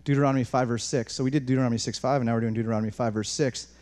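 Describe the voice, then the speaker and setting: A pastor preaches animatedly in a mid-range, rapid-fire voice, shifting between quiet asides and raised, emphatic passages and often restarting his sentences.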